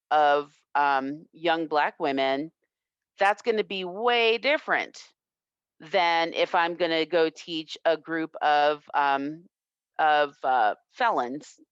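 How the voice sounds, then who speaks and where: A woman self-defense instructor telling a personal story in an interview, reflective and earnest with halting restarts. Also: low voice, expressive, clean tone, dry recording. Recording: dull lo-fi, dry sound.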